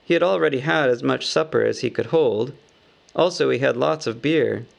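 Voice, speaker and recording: A man narrating a storybook aloud in a measured, wry manner. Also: mid-range voice, gravelly. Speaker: audiobook narrator.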